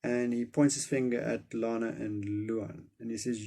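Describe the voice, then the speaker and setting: A man reading a book chapter aloud and retelling it in his own words, relaxed, with many pauses and fillers. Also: medium pitch, vocal fry. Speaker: reader.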